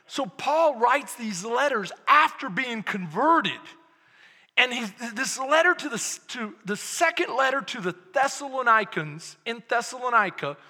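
A Texan man preaching from the pulpit with a very high, piercingly bright voice. He swings between hushed asides and loud calls to the congregation, and the sound rings with a long hall reverb. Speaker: pastor. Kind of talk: sermon.

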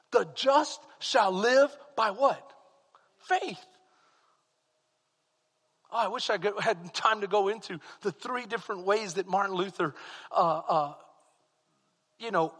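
A man preaching a sermon as pastor, swinging from quiet, slow passages to loud shouted peaks. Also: high-pitched, expressive, breathy edge. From Texas. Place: church sanctuary. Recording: long hall reverb.

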